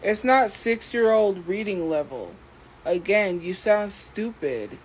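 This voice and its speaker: A woman livestreamer talking slowly and deliberately as she defends herself against commenters in her chat. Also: mid-range voice, expressive, a little hiss or hum, low-quality recording. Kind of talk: live stream talking to chat.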